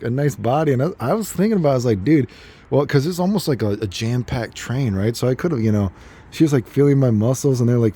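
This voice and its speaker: A young adult man spins a casual anecdote, rambling and animated, stacking fillers and breaking into laughter. His voice sits at a middle pitch with a dark, mellow tone. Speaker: storyteller.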